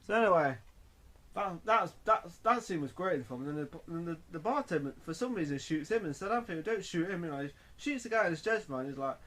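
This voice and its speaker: A man's voice: fairly high pitch, lively intonation, fast talker, a bit bright. A man reviewing a film in a casual, rambling way, full of fillers and restarts.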